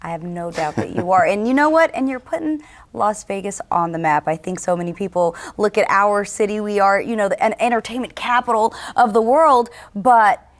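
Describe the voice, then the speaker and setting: A woman hosting a casual interview who asks quick questions and teases her guest in an upbeat, playful way. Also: mid-range voice. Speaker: interview host.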